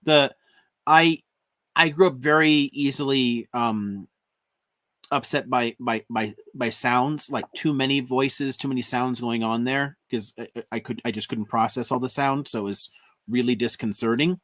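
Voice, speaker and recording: An American man hosting a casual live-stream chat, halting and repeating his words often. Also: medium pitch, a bit bright, no echo, clean studio sound. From United States. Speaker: host.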